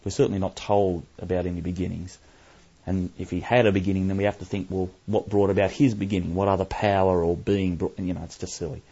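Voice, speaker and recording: A man with a low, mellow voice delivers a Bible study sermon from scripture. He is emphatic, slowing and repeating key phrases for weight. The recording is muffled and lo-fi. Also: level tone, husky. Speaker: Bible teacher.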